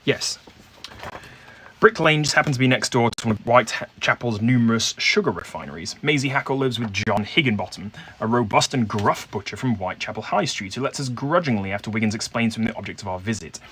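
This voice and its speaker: A man's voice: medium pitch, lively intonation, brisk, fairly bright tone, a little hiss or hum. A man playing a detective board game alone, reading the case aloud and musing hesitantly over the leads. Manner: hesitant, musing, many fillers. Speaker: solo game player and narrator.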